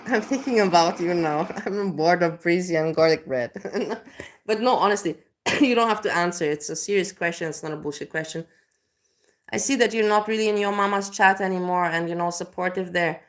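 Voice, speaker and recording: Emotional swearing woman streamer. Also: lowish voice. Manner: swears often, gets worked up and emotional. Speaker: live streamer. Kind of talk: casual reaction chat.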